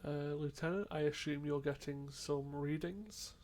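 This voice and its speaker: A man's voice: a little high, unhurried, darkish tone. Man playing a starship commander. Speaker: player. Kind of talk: in-character tabletop play.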